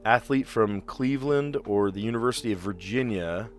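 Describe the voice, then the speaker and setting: A streamer playing word puzzles thinks aloud casually as he reads clues and works out answers, frequently restarting his sentences. His voice is fairly low, his pace moderate, and faint music plays behind him.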